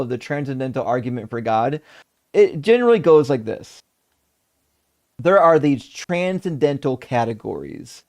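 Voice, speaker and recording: A man hosting a live debate stream, reading viewer messages aloud in casual, animated, profane talk with sarcastic asides. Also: medium pitch. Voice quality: gravelly. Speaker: debate stream host reading super chats.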